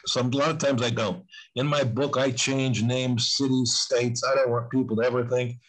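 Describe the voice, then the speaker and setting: A man's voice: mid-range voice, fairly even intonation, moderate pace, a bit bright, low-quality recording. Earnest man in his sixties, rambling. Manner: earnest, rambling with frequent restarts. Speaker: interview guest. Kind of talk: conversational interview talk.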